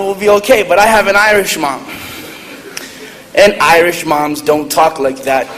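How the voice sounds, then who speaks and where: Male speaker, high voice, comic storytelling, hall reverb. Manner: joking, lively, laughs at own stories. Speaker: speaker at a public event. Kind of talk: humorous storytelling talk. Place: large hall with audience. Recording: echoey hall, faint noise.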